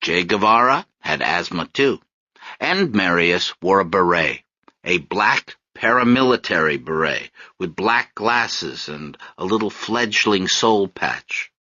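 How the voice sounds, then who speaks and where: A man reading an audiobook in an expressive storytelling manner. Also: low voice, slow, no echo. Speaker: audiobook narrator. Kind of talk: scripted narration. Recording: dull, dry lo-fi audiobook recording.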